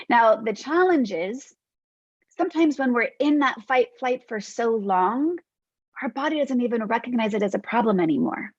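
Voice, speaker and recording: Gentle reassuring woman podcast host. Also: a little high, no echo, lo-fi sound. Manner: gentle, reassuring, unhurried lists. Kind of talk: reflective podcast monologue.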